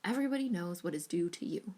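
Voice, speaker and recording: A woman's voice: on the low side, animated, fast talker, heavy background noise, close to an everyday voice. A woman reading aloud, voicing a meek husband who murmurs soothing agreement to his wife. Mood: placating.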